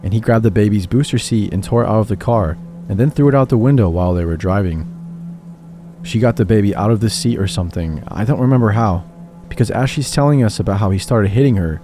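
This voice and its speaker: A man giving a scripted narration of horror stories in a measured, steady reading. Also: on the low side. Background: faint background music.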